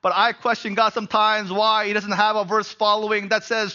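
A middle-aged man preaching a sermon as pastor, animated and peppered with rhetorical "right?" asides. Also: sits high, brisk, smooth, lo-fi sound.

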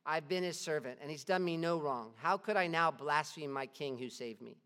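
A man's voice: on the high side, normal speed, sharp tone, smooth, big-room sound. A man voicing an old Christian martyr who firmly refuses to recant before his judge. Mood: defiant. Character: old male martyr, calm and defiant.

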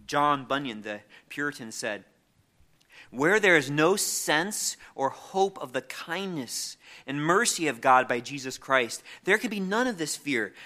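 Male preacher, earnest sermon delivery, bright and fairly high voice, stumbles and repeats words. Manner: earnest, repeats words when restarting, reads scripture aloud.

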